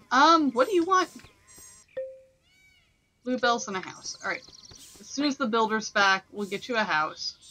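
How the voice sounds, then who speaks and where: A woman's voice: medium pitch, bright, forceful tone. A woman streaming a video game, chatting casually to herself and scolding the creatures on screen. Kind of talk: casual gameplay commentary.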